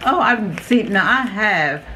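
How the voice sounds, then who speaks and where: A young adult woman chatting casually while unboxing beauty products, rambling, her voice jumping high when she reacts. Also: lively intonation, slow pace, pushed and bright, slight background noise, rough recording. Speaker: beauty vlogger.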